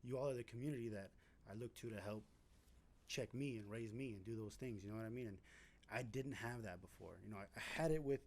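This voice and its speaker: A man in his thirties with a mid-pitched voice speaks earnestly and reflectively. He talks in a measured way, pausing to find his words. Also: darkish tone, a little hiss or hum. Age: 30s. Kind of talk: heartfelt reflective talk.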